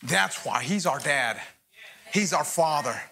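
A man's voice: on the high side, animated, slow, creaky, sharp tone. A middle-aged man preaching a revival sermon as a guest pastor, joking with the congregation and calling for responses. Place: church service before a congregation.

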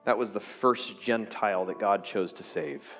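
A man preaching a sermon to his church, joking with the congregation and swinging from loud peaks to hushed lines. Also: on the low side, moderate pace, in a large hall, faint music behind. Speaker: pastor.

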